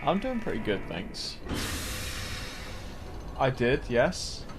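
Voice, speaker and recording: A man chats through a game stream, joking crudely and swearing freely. His pitch swings widely as he talks, sitting in the middle of the range for a man. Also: huge pitch swings, slow, background noise. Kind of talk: casual gaming stream chat.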